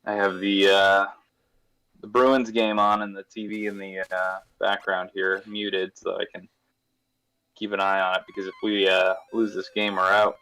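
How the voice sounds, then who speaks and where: A man's voice: deep voice, little pitch movement, moderate pace, bright, forceful tone, clean tone, rough recording. A man, chatty and joking as a guest on a casual live stream, keen on sports talk. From New England. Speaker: guest co-host.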